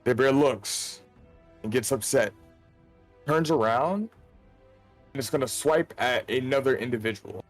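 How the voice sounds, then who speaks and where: A man running a tabletop game as game master, narrating in a casual, halting way with fillers. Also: mid-range voice, soft background music.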